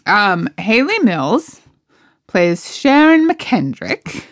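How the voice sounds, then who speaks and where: A woman co-hosting a podcast, relaxed and chatty as she shares trivia about an actress's films. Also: medium pitch, drawn-out words. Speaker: podcast co-host. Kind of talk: casual chat about film cast trivia.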